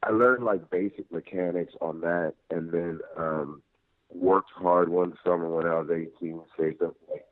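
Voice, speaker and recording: A man in his thirties from Nigeria, a guest telling relaxed stories over the phone and laughing often. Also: deep voice, measured pace, dry recording. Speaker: guest actor. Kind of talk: casual phone interview. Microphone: phone line. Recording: tinny dry phone line.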